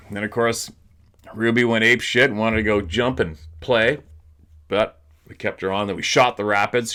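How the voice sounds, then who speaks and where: A man's voice: fairly low pitch, sharp tone. A man hosting a show, telling stories at home in a loose, laid-back way, swearing freely and laughing often. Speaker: host. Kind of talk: casual chat. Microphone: laptop camera.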